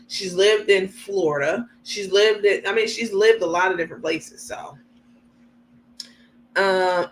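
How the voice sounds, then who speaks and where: A woman's voice: mid-range voice, a little hiss or hum. Chatty woman from New York City. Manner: chatty and relaxed, frank, laughs easily, many ums. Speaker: livestream host. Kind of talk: casual livestream chat, reading viewer comments.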